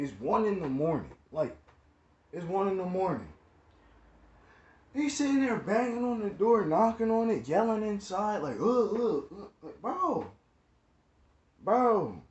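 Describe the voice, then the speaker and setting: A young man telling a rambling, slangy story, full of "like" and "you know what I'm saying.". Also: high voice. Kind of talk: casual storytime. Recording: echoey room, dull lo-fi sound, faint noise.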